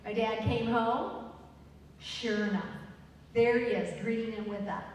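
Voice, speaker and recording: Sex: woman. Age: middle-aged. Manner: chatty, unhurried, laughs at her own jokes. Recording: echoey hall from far off. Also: medium pitch, darkish tone, slight background noise. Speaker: storyteller. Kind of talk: live personal storytelling on stage. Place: large hall at a live event.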